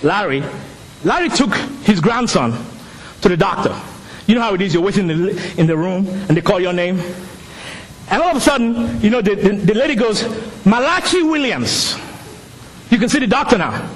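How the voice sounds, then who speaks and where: A middle-aged man, not a native English speaker, preaching a sermon with animated storytelling that rises to shouts. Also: high voice, fairly quick. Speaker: pastor.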